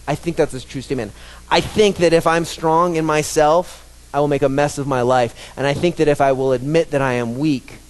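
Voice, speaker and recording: A pastor preaching a sermon to his congregation, emphatic and repetitive, leading the room in call-and-response. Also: a little high. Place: church sanctuary. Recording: long hall reverb.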